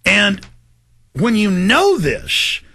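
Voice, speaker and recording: A man's voice: high-pitched, huge pitch swings, drawn-out words, slightly rough. A man hosting a talk show, ranting in an impassioned monologue to his listeners. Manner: ranting, shouts in bursts, addresses folks directly.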